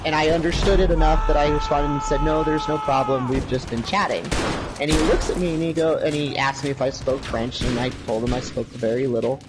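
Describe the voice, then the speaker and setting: A fairly high-voiced man talks fast with hardly any pauses, telling a long travel story as a livestream co-host in casual chat and acting out quoted voices. Loud music and noisy game audio with gunfire play behind him.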